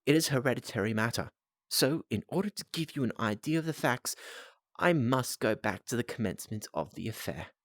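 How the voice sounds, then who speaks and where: A man reading aloud voices an anxious young gentleman who comes asking for help, speaking earnestly and pleadingly. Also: medium pitch, expressive, a little fast, no echo, studio quality, natural voice.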